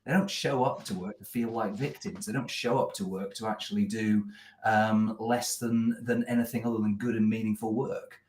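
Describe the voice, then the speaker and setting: A man's voice: fairly low pitch, steady tone, moderate pace, darkish tone, a little hiss or hum. Man, chatty co-host, self-deprecating, lots of ums, echoey office room. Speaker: co-host, business coach. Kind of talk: casual live-stream chat.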